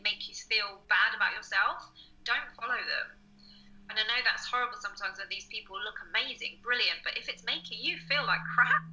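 Fitness coach lady, super bright voice, chatty, lots of laughs, kinda roomy echo. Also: medium pitch, dull audio. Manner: chatty, laughs often, lively advice-giving. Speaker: online fitness coach, guest. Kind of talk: casual podcast chat.

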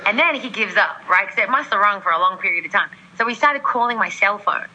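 A very bright, sharp-toned woman from Australia tells a personal story as a podcast guest. She acts out the voices of the people in it and laughs as she goes. Her voice has a thin, phone-like quality. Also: mid-range voice, fast talker, slight background noise. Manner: animated, acts out quoted voices, laughs often.

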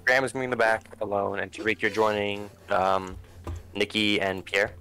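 A man running a tabletop session in a loose, chatty way. He questions his players and pads his talk with fillers. His voice sits a little low. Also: level tone, normal speed, sharp tone. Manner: casual, quizzing, filler-heavy. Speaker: game master.

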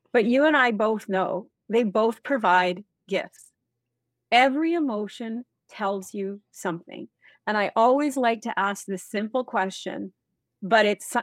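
A woman speaking as a leadership expert in an interview, energetic and acting out example dialogue as she explains. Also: mid-range voice, dry recording. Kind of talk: animated interview talk.

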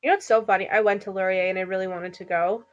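A woman's voice: medium pitch, steady tone, racing, highs cut off. A woman in her twenties co-hosting a casual podcast chat. She laughs often and slips into joking put-on accents. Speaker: podcast co-host.

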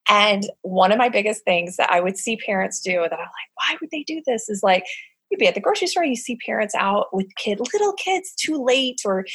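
A middle-aged woman speaking as an interview guest, telling stories in a casual, animated way with plenty of fillers and acted-out quotes. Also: mid-range voice, brisk, slightly rough. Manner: animated storyteller, acts out quoted voices, frequent fillers. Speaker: guest, summer camp director.

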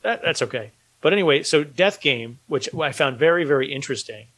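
A man's voice: fairly high pitch, expressive, a little fast, fairly bright tone, poor audio. A man hosting a casual talk show, rambling enthusiastically with many restarts. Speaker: podcast host and filmmaker. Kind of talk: casual chat.

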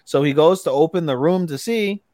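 A man's voice: fairly high pitch, a little fast, mellow, no echo, clean studio sound. A man co-hosting a podcast, recapping an anime episode in a casual, profane way and acting out the characters' quoted lines. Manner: swears often, recaps plots with quoted lines. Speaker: podcast co-host.

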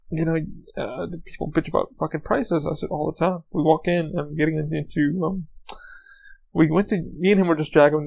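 A man's voice: on the high side, gravelly, a little mellow, low-quality recording. A man hosting his own podcast, rambling through a casual story with lots of swearing, fillers and restarts. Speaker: podcast host. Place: lives in Orlando, Florida.

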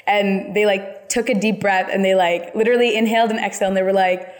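A woman's voice: mid-range voice, fairly even intonation, fast talker, big-room sound. A woman hosting a podcast, telling stories in a chatty way with many "like" fillers. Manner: chatty, heavy use of "like" fillers. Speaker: podcast host. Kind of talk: casual chat.

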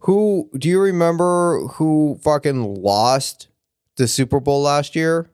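A man's voice: on the high side, slow pace, a little mellow, clear, resonant tone, no room sound, clean studio sound. A man co-hosting a podcast in casual chat, mostly giving short agreeing replies with joking asides. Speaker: podcast co-host.

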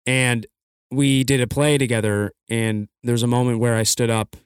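A man's voice: medium pitch, little pitch movement, normal speed, clean tone, no room sound, studio quality. A man from the Midwest with a General American accent, co-hosting a podcast in a jokey, announcer-like way, enunciating carefully. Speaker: podcast co-host. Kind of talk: casual chat.

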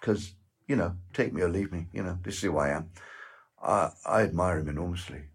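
A man from the West Country of England with a West Country accent, a guest actor telling rambling stories with halting repeats in an interview. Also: sits low, creaky, slightly rough. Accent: West Country English. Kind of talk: anecdotal interview chat.

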